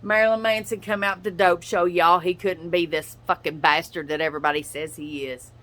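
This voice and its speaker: A woman's voice: lowish voice, steady tone, fairly quick, fairly bright tone. A woman ranting straight at another person in a blunt, profane, confrontational reaction video. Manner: addresses another person directly. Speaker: YouTuber and podcaster. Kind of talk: angry reaction rant.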